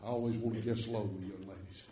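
A man preaching a revival sermon, swinging from hushed tones to chanted shouts with rhythmic "uh" breaths. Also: lowish voice, fairly even intonation, fast, echoey room, distant mic.

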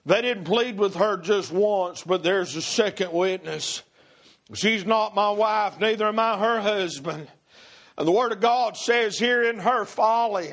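High-pitched, shouting preacher. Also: male voice. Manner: impassioned, swings between shouting and hushed pleading. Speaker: pastor. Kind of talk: fiery revival sermon. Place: church sanctuary before a congregation.

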